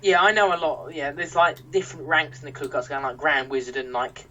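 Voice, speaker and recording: A man's voice: on the high side, steady tone, fairly quick, pushed and bright, highs cut off. A young man from England ranting on a podcast, heated and sweary, full of restarts. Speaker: podcast host. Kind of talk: casual podcast rant. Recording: distant mic with faint noise.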